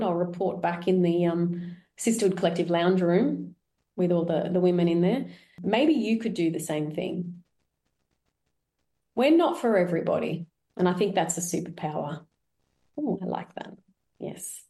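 A woman's voice: on the low side, lively intonation, normal speed, dark tone. A middle-aged woman hosting a reflective solo podcast, candid and chatty, laughing at herself now and then. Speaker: podcast host.

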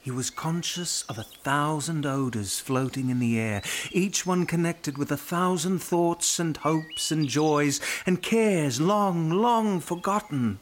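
A man narrating a classic story in a measured, expressive way, sometimes dropping to a whisper. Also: on the high side, a little hiss or hum. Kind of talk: dramatic audiobook reading. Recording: narration over music.

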